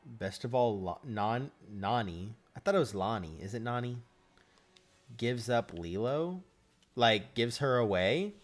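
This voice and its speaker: A man hosting a casual live stream, chatting with viewers and reacting as he goes. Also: on the low side.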